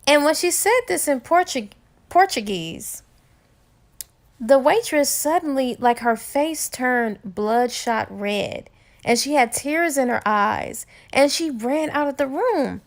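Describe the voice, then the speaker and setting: A woman's voice: high voice, animated, slow. Chatty woman recapping a book. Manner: chatty, with many "like" and "um" fillers. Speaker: book reviewer.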